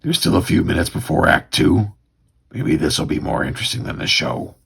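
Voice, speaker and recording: Gruff, sardonic mutant loner, gravelly and deep, terse inner-monologue delivery, read by a man. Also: very animated, fairly quick, a bit bright, heavily acted. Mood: wry. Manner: terse, wry tough-guy inner monologue.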